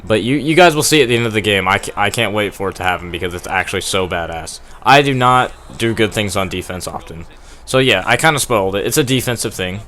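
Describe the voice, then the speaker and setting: Bright-voiced young man rambling over gameplay. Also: fairly low pitch, animated, fast talker. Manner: rambling, self-deprecating, laughs often, gets worked up. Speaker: gaming commentator. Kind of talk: casual gameplay commentary. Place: at home playing on a TV. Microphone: gaming headset.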